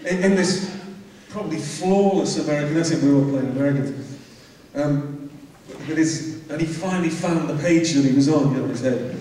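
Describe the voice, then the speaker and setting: A man's voice: on the high side, moderate pace, dark tone, slight background noise. A man, an actor on a convention panel, telling a stage story in a rambling, hesitant way. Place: large convention hall. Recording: echoey hall recorded from far off.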